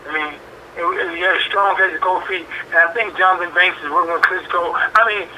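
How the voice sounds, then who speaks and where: Bright-voiced man in his forties. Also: sits high, brisk, a little hiss or hum, rough recording. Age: 40s. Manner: animated, repeats phrases, many fillers. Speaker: boxer guest. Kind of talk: interview talk.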